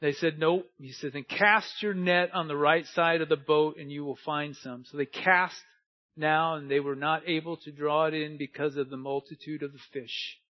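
A male pastor delivering a sermon in a high voice. He swings between loud, urgent appeals and quiet, drawn-out phrases. The recording sounds dull and lo-fi. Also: fairly even intonation.

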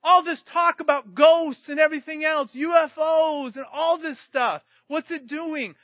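A middle-aged man preaching a sermon, swinging between shouted emphasis and quiet storytelling. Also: very high voice, steady tone, measured pace, dry recording. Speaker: pastor. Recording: dry, muffled recording.

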